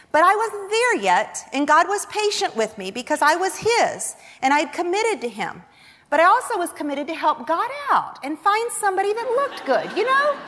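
A woman giving a humorous testimony sermon to a Christian women's gathering, telling her story in a lively, self-mocking way. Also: sits high. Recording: long reverb of a large hall.

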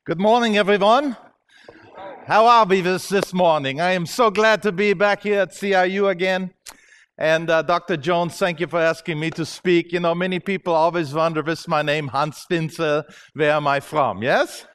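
An older man from Alabama gives a chapel talk. His voice sits fairly high. He keeps it jokey and chatty, drawing the audience in. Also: steady tone, moderate pace, fairly bright tone, smooth. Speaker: guest speaker.

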